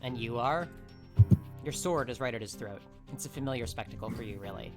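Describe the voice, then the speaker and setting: A man's voice: medium pitch, fast talker. Man narrating a game over music. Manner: reads narration, breaks off to joke and laugh. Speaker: let's play host reading a game. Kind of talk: narrating a visual novel aloud.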